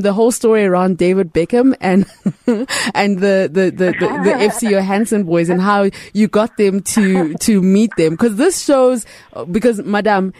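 A woman hosting an interview, chatty and quick to laugh. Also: medium pitch, no room sound. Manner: warm, giggly interviewer who laughs often. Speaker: host. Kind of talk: casual interview chat.

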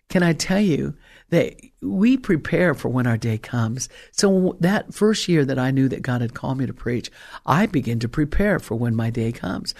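An older woman evangelist preaching a sermon, firing rhetorical questions and pressing her points with emphasis. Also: very deep voice. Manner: emphatic, rhetorical questions, rises to loud peaks.

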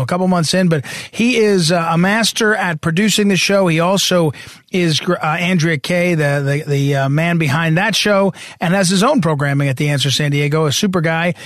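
A man hosting a talk radio show, talking fast and rambling with many fillers and restarts. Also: sits high, a bit bright, dry recording, studio quality. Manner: rapid, rambling delivery full of fillers and repeated starts. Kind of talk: casual talk radio chat.

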